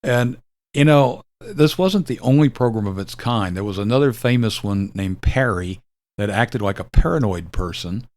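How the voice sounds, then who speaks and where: An older man hosting a video, explaining a retro computer program in a relaxed, rambling way, with fillers and self-corrections. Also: lowish voice, normal speed, dry recording. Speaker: video host demonstrating retro software. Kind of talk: casual explanatory demo.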